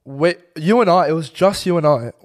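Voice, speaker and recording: A man's voice: a little high, normal speed. A young Australian man co-hosting a podcast, chatting in a laid-back, teasing way with casual swearing. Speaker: podcast co-host. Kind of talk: casual chat.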